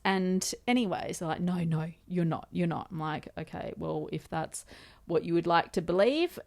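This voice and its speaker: A woman's voice: fairly low pitch, normal speed, vocal fry, darkish tone. A woman in her thirties with an Australian accent, chatting casually and telling a story to the camera with lots of fillers. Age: 30s. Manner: chatty, lots of fillers, quoting others in conversation. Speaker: vlogger.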